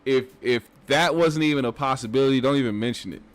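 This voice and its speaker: A man's voice: medium pitch, fast, soft background music. Rambling man hosting a commentary show. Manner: rambling, profane, conversational. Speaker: host.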